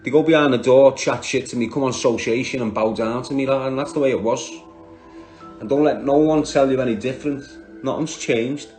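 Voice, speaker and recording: A man's voice: medium pitch, fairly quick, a little mellow, soft background music. A man with a Liverpool Scouse accent, talking on a livestream, bluntly and combatively answering viewers by name. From Liverpool, England.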